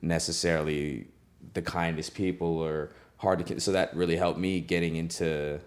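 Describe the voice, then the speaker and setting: A young recording engineer with a deep voice tells stories in a casual interview at a normal pace. He's relaxed, laughs often, and leans heavily on "like" and "you know."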